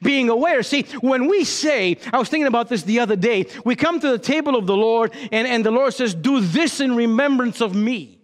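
A man preaching a sermon as pastor, with dramatic pauses and emphatic rises and drops. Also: extremely high pitch, lively intonation, in a large hall.

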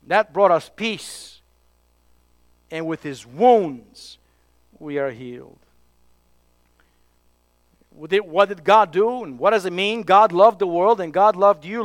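Male preacher, high voice, smooth and clear, emphatic sermon delivery. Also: no room sound. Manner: emphatic, drops to hushed tones for key points.

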